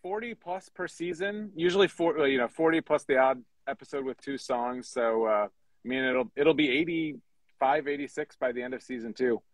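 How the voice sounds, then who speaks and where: A man's voice: medium pitch, normal speed, no echo, rough recording. A man from Michigan who writes songs for a show, chatting casually on a podcast with joking, self-deprecating asides. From Michigan, USA. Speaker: songwriter guest.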